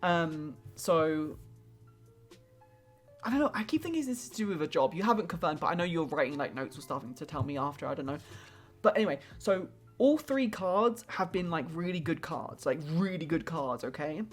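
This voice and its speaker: Chatty woman streamer, low-pitched voice. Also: sing-song, moderate pace, faint music behind. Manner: rambling, heavy use of "like" and restarts; warm and affectionate toward viewers. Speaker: streamer doing tarot readings. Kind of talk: casual live-stream chat.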